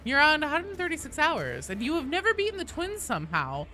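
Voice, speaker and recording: A woman's voice: high-pitched, huge pitch swings, a little fast, bright, forceful tone, a little hiss or hum. A woman streaming a game live, chatting casually and playfully with viewers and swearing freely.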